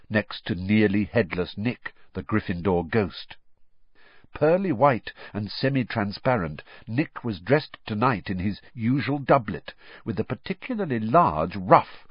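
A man reading an audiobook aloud with expressive, animated storytelling. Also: lowish voice, breathy edge, no echo. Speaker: audiobook narrator. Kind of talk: scripted narration. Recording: dull, dry studio sound.

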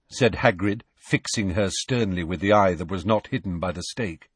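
A man narrating a story with expressive storytelling. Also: sits low, moderate pace, husky, no room sound. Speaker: audiobook narrator. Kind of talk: scripted narration.

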